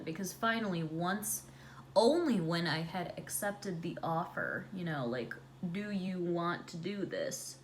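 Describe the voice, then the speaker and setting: A woman vlogger telling a story while doing her makeup, chatty and sarcastic, dropping into hushed voices when she quotes people. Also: on the low side, lively intonation, slow pace, a little hiss or hum. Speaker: beauty vlogger.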